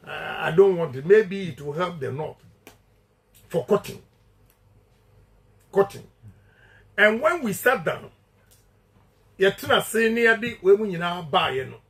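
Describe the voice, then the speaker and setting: A man's voice: high voice, rough recording. A man with a Ghanaian accent giving an emphatic campaign speech, repeating his key points and switching between English and Twi. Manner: emphatic, repetitive and declamatory. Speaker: politician addressing supporters.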